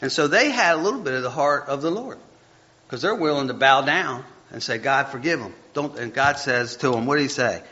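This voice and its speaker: A preacher gives a chatty, self-deprecating sermon, reading scripture aloud and stumbling over the text as he goes. His mid-range voice is brisk, pushed and bright, captured on a dull lo-fi recording.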